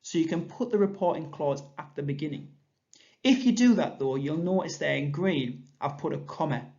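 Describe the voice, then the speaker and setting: A man with an English accent leads a recorded grammar lesson for young pupils. His voice sits slightly high, and he explains each step patiently and clearly. The recording sounds dull and lo-fi. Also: normal speed, darkish tone. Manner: clear, patient explanation, reading examples aloud with lifted voice. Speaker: primary school teacher.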